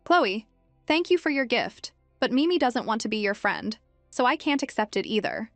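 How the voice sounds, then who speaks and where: A woman voicing a three-year-old girl who speaks clearly and firmly. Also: on the high side, big pitch swings, moderate pace, no room sound, soft background music. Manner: clear and firm. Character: blunt, firm little girl, three years old.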